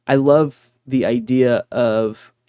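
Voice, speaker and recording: A man's voice: medium pitch, steady tone, slow, warm tone, smooth, dry recording, clean studio sound. A man co-hosting a book podcast in casual chat, thoughtful and laughing often. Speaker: podcast co-host.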